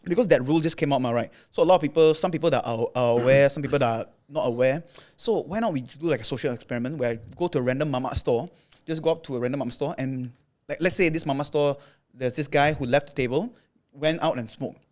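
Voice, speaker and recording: A man's voice: mid-range voice, fast. A young man from Malaysia, a podcast guest, casually telling a long story with lots of fillers and acted-out quotes. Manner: animated, filler-heavy retelling with acted quotes. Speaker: podcast guest, content creator.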